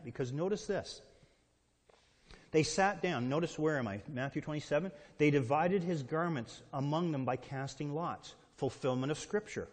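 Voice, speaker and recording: A man preaching a sermon with emphatic delivery, reading scripture aloud and putting questions to the congregation. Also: on the high side. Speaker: pastor. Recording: long hall reverb.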